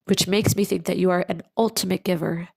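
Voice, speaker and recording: Woman medium, low gravelly voice, unhurried, soothing repetition, close dry mic. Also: steady tone, darkish tone, dry recording, low-quality recording. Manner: slow, soothing, repeats phrases for emphasis. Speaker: medium giving a tarot reading. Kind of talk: channeled pick-a-card reading to camera.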